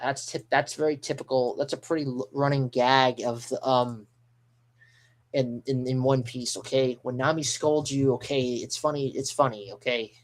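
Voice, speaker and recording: A man giving live reaction commentary as a manga reaction streamer, excitable and rambling, with mild swearing. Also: mid-range voice, moderate pace.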